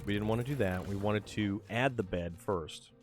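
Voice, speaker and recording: A man's voice: fairly low pitch, normal speed, background noise. A man streaming a truck game, chatting casually and rambling to himself about his moves. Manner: rambling, self-amused, muttering to himself. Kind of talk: casual gameplay commentary.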